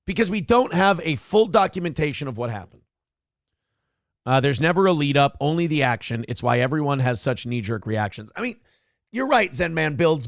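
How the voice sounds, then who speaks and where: Gravelly, lively ranting male host. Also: a little high, dry recording, studio quality. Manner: ranting and profane; reads viewer chat aloud. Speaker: live show host. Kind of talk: livestream talk show.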